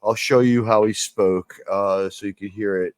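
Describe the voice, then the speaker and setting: A man from the US Northeast hosting a casual review chat, rambling and animated with lots of fillers. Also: lowish voice, normal speed, clean tone, no echo. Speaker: podcast host.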